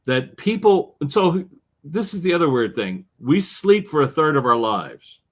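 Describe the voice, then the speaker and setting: Animated male author, slightly high voice. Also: a little slow. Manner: animated storyteller with wide pitch swings. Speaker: author and guest. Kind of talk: interview conversation.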